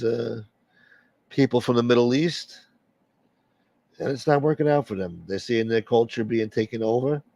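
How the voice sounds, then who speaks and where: A man's voice: medium pitch, a little mellow, no echo. Male stream host, blunt and rambling, dull lo-fi dry audio. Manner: blunt, opinionated rambling with frequent asides. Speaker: livestream host. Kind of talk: casual chat.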